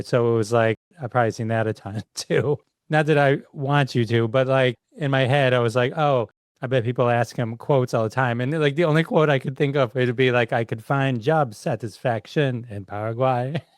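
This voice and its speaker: A man with a mid-pitched voice hosts the interview in an enthusiastic, chatty way and laughs easily. His sound is close and dry, with no room in it. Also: clear, resonant tone, no room sound. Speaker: podcast host. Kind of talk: casual interview chat.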